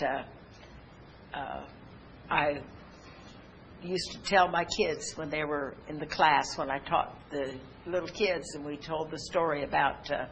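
A woman's voice: fairly low pitch, a little hiss or hum, rough recording. A woman preaching a sermon for television, earnest and emphatic, telling a story and leading a prayer.

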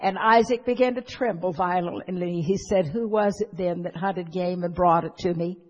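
A folksy preacher retells an old story to a congregation, stopping for asides to the listeners. The voice is a little husky, and it rings out with a long reverb in a church hall. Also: mid-range voice, normal speed, highs cut off. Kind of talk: sermon retelling a Bible story.

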